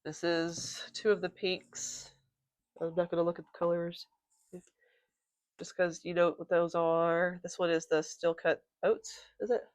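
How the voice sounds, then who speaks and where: A woman's voice: lowish voice, little pitch movement, unhurried, no room sound. A woman vlogging about crochet in a casual, rambling, chatty way. Her voice is congested and nasal. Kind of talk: casual show-and-tell chat.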